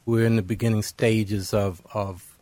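A man speaking as a government panelist, answering carefully and deliberately. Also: on the low side, fairly even intonation, warm tone, dry recording. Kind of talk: panel discussion.

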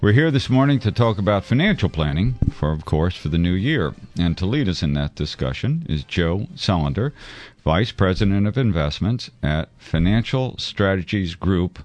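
Low-voiced, jokey male radio host. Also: big pitch swings, normal speed, darkish tone, dry recording. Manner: jokey, rambling, lots of fillers. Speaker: radio talk show host. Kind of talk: live radio call-in talk show.

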